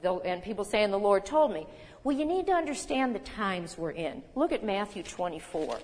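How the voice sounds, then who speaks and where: A woman in her sixties teaching a sermon in a conversational, animated way, reading scripture aloud with emphasis. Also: mid-range voice, normal speed, a little hiss or hum. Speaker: Bible teacher. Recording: long hall reverb.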